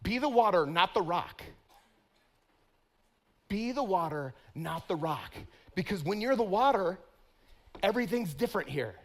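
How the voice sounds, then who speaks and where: A man's voice: sits high, lively intonation, unhurried, pauses often. A man preaching a sermon in a playful, self-mocking way, laughing often and putting on voices for stories. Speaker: pastor.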